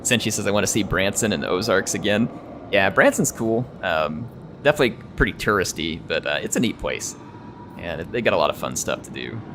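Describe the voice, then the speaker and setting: A man's voice: deep voice, animated, a little fast, background noise. An American man with a near-neutral accent and a slight drawl, chatting in a rambling way while streaming a strategy game. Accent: General American, slight drawl. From United States. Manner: rambling and chatty, chuckles often. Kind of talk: casual live-stream chat.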